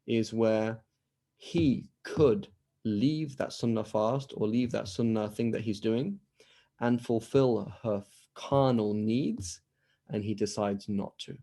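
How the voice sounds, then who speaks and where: A man's voice: lowish voice, slow pace, warm tone. A man teaching an online lesson and answering questions in a conversational way, often acting out quoted dialogue. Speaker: Islamic studies teacher. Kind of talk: online lecture with Q&A. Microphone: video call.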